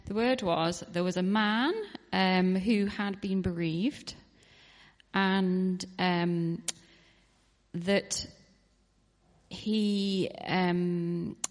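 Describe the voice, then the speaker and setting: A woman telling a testimony at church, hesitant and full of fillers, growing animated as she goes on. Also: mid-range voice, big-room sound. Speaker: church member sharing a testimony. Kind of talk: spontaneous testimony. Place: church hall.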